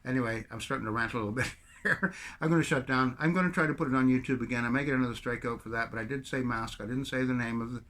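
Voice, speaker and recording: A Canadian man delivers a rambling, sarcastic political rant to camera as a video commentator, tossing in mocking put-on French bits. His voice is medium-pitched and a bit bright, and he talks quickly.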